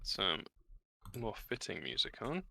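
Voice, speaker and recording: A man narrating a tabletop game as game master, relaxed with many fillers. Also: on the low side, a little slow, gravelly.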